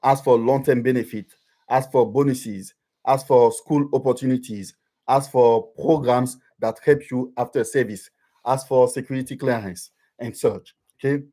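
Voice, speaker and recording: A man's voice: medium pitch, fairly even intonation, mellow. A man from Benin with a French accent, hosting a live Q&A stream and giving advice with frequent restarts and fillers. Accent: French-accented English. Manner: halting, many restarts and fillers. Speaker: livestream host. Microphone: livestream webcam.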